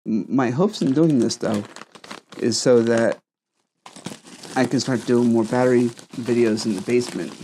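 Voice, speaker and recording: A man reviews gadgets for a casual home vlog, talking to camera through a wireless lapel mic with a little hiss or hum in the background. His medium-pitched voice is dark and moderately paced, and he pauses often, rambling, stuttering and repeating words.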